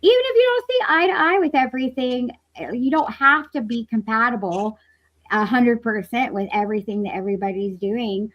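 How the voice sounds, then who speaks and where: A woman talking casually in a group discussion. Her voice sits a little high. She speaks in loose, animated bursts, trailing off, restarting, and dropping in the odd curse word. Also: brisk, lo-fi sound. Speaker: roundtable participant. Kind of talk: casual roundtable chat.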